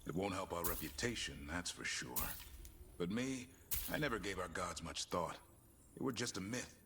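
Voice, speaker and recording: A grounded companion in a fantasy game, speaking low and wryly. His tone is matter-of-fact and dry. Clear noise runs under the game audio. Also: expressive, moderate pace.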